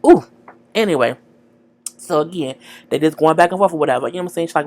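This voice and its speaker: A woman casually recapping a TV episode, slangy and animated, talking straight to her viewers. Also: sits low, quick pace, pauses often. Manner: animated, slangy, acts out dialogue, chats to viewers. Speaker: TV show recapper.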